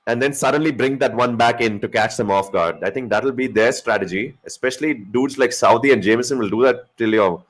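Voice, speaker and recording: A man chats through a live cricket match with a friend, cracking jokes, swearing freely and needling his co-host between calls on the play. His voice sits at an ordinary middle pitch for a man. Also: fairly quick, hardly any pauses. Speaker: cricket watch-along co-host. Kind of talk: casual live-stream chat and commentary.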